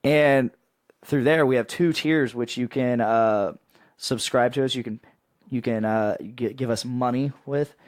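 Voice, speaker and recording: A young man hosting a podcast in casual chat, pitching with excitable hype and laughing often. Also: a little slow, no echo, studio quality. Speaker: podcast host.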